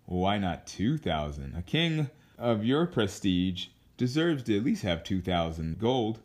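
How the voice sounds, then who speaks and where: A man voicing a smooth, tempting genie of a lamp in a spoken story, speaking slowly. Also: fairly low pitch, sing-song, darkish tone.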